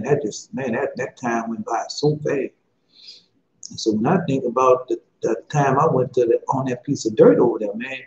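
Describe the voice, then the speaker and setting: A man's voice: medium pitch, mellow. A man preaching an impassioned sermon in a casual, pleading way, repeating himself often. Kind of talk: impassioned street-style sermon. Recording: echoey, muffled, slightly noisy recording.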